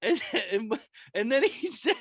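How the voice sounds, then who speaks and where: A man's voice: very high-pitched, sing-song, moderate pace, dry recording, clean studio sound. A young man hosting a podcast, telling stories in casual chat, laughing often and swearing freely. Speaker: podcast host.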